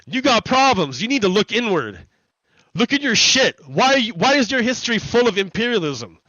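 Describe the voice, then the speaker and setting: A man's voice: high-pitched, very animated, normal speed, bright, forceful tone, dry recording, lo-fi sound. A man hosting a livestream, ranting heatedly in profane, repetitive commentary. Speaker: livestream host. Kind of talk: ranting commentary during a gaming stream. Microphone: streaming desk mic.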